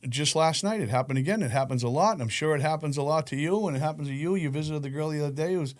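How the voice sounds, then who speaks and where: A man's voice: fairly high pitch, rapid-fire. Profane man telling stories. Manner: profane, animated storyteller. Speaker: podcast guest. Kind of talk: casual storytelling chat.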